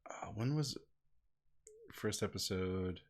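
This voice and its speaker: A man's voice: lowish voice, slow pace. A man chatting casually as a co-player, rambling and hesitant with a wry sense of humor. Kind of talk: casual chat over a game.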